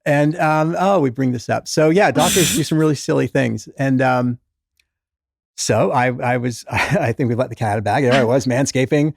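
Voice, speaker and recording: A middle-aged man, a former doctor, telling stories in a casual interview, animated and self-deprecating, acting out his own thoughts. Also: medium pitch, moderate pace, gravelly, no room sound, clean studio sound. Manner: animated, self-deprecating, lots of restarts and quoted inner thoughts. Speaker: guest author, former doctor.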